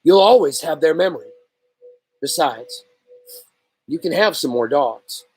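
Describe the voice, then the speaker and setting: A man voicing a gentle, comforting mother in a story reading, speaking softly and soothingly. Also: fairly high pitch, expressive, a little slow, breathy edge, rough recording. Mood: consoling.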